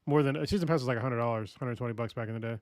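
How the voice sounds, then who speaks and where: A man's voice: mid-range voice, rapid-fire, no echo. A man in casual podcast banter, his voice mid-range and recorded dry and close. He reads things aloud and breaks into swearing disbelief. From California. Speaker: podcast co-host. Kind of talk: casual chat.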